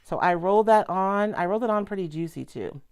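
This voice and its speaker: A woman's voice: mid-range voice, brisk, a little mellow, clean tone. A middle-aged woman chatting casually through a live craft demo at her home table, rambling and cutting herself off. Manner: chatty, rambling, self-interrupting. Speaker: craft product demonstrator.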